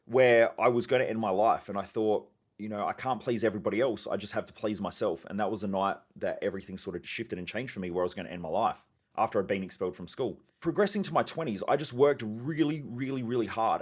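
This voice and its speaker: A man, candidly telling his life story as a podcast guest, swearing freely. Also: fairly low pitch. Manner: candid, profane, fast-talking. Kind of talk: personal storytelling.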